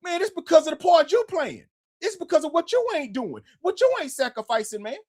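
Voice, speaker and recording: A man's voice: very high voice, very animated, a little fast. A man hosting his own show, speaking, talking casually and profanely and tagging nearly every phrase with "man". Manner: profane, repetitive, says "man" constantly. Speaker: podcast host. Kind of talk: casual motivational monologue.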